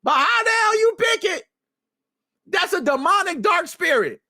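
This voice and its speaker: A man hosting a casual livestream chat, animated and excitable, talking in slang and often breaking into shouts. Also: very high voice, measured pace. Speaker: streamer, podcast host.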